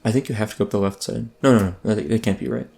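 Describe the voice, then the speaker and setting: A gaming YouTuber with a lowish, gravelly voice races through casual let's play commentary of an online game. He rambles, saying um a lot and restarting sentences, over soft background music.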